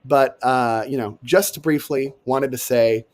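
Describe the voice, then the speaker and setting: A young man from New York co-hosting a casual comedic chat, animated and sarcastic, swearing freely. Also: mid-range voice, measured pace. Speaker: podcast co-host.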